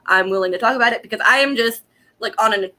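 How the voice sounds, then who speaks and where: Ranting angrily and with lots of profanity, a young woman vlogger livestreams casually from home on her laptop webcam, breaking into frequent laughter. Her voice is a little high, fast, bright, and forceful.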